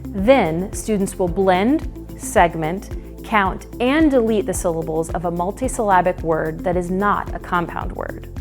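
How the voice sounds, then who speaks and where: A woman reading a scripted teaching guide and pronouncing each syllable slowly and clearly. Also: on the low side, soft background music. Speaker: curriculum narrator. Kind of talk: scripted instructional narration.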